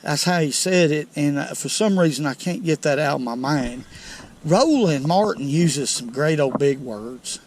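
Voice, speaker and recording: A man with a Southern US accent hosting a fishing vlog from a lake bank, folksy and excitable as he talks straight to viewers. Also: a little high, unhurried. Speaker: fishing channel host. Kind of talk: outdoor fishing vlog commentary. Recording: outdoor noise behind voice.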